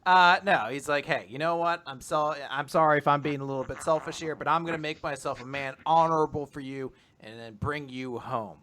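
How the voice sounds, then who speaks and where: A young man casually chatting as a podcast co-host, rambling through summaries and slipping into animated quoted voices. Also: fairly high pitch, fairly quick, hardly any pauses. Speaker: podcast co-host recapping manga. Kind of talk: casual chat.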